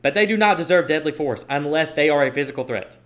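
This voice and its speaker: A man's voice: a little high, lively intonation, fast talker, fairly bright tone. Emphatic man giving political commentary. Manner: emphatic, repeats phrases for stress. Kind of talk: opinion monologue reading tweets aloud.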